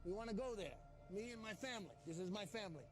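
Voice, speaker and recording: An actor playing an American tourist father abroad with his family in film dialogue, explaining things slowly and over-carefully. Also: high-pitched, animated, over music. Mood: earnest.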